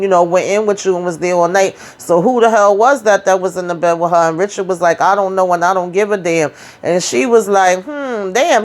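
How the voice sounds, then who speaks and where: Woman recapping a TV episode with gusto. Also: lowish voice. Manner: animated, acts out characters' lines, slangy asides. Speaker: TV recap host. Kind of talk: casual recap monologue.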